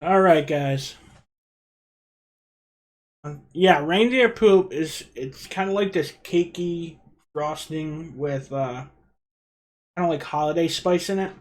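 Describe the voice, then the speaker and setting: A man's voice: on the high side, slow, pauses often. A young man from Rhode Island with a Rhode Island accent, hosting a casual livestream and chatting with viewers in a rambling way. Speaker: livestream host.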